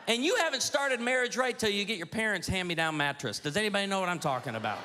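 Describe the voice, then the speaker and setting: A man in his forties doing a stand-up comedy routine on stage, telling animated stories with quick asides to the audience. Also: high voice, background noise. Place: church hall on stage. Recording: hall reverb with faint audience ambience.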